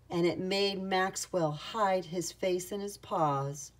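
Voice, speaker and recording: A woman reading a children's picture book aloud with an expressive storytelling manner. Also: medium pitch, takes it slowly, hardly any pauses.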